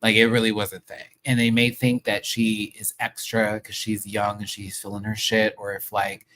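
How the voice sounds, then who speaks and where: A man's voice: lowish voice, monotone, normal speed, a bit bright. A man hosting a live review show, ranting in a sassy, heated and profane way full of slang. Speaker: show host reviewing a TV episode.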